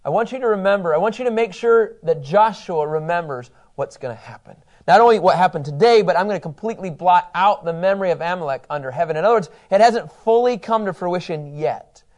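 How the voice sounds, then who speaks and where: A man's voice: high voice, lively intonation, a little fast, hardly any pauses, darkish tone. A middle-aged man teaching a Bible class in a conversational way, reading scripture aloud and asking his listeners questions.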